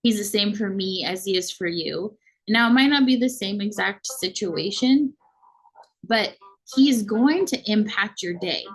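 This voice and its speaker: A woman's voice: medium pitch, expressive, unhurried, slight background noise, low-quality recording. A woman in her thirties sharing a heartfelt personal faith testimony, earnest and emotional. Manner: earnest and emotional, with soft laughs. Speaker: faith vlogger.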